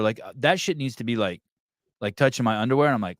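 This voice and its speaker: A man's voice: medium pitch, big pitch swings, a little fast, a bit bright, no echo. Brief: male podcast host, crude jokey banter, dry close mic. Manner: crude, joking, laughs often. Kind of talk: casual podcast chat.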